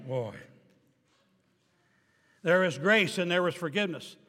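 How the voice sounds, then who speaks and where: Older preacher, high voice, hall echo. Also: male voice, expressive, unhurried. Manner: emphatic preaching that drops to quiet asides, with dry humor. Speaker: pastor. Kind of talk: sermon. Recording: reverberant hall.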